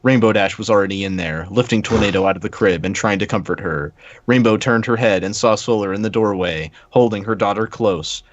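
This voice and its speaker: A man's voice: lowish voice, brisk, no echo, dull audio. A man hosting a comedic read-through of a fan fiction, reading aloud in a casual, sardonic way and swearing freely.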